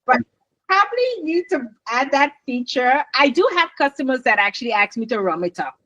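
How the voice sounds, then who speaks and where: A woman, a business owner chatting as a guest in an interview, animated and talkative. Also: sits high, fairly quick, no room sound, low-quality recording. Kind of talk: casual interview chat.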